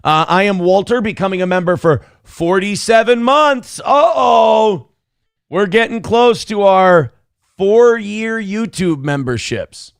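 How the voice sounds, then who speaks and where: A man's voice: high-pitched, lively intonation, measured pace, clear, resonant tone, no room sound, studio quality. A man hosting a live show, reading out chat messages with crude, self-mocking jokes and rambling asides. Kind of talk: casual live-stream chat.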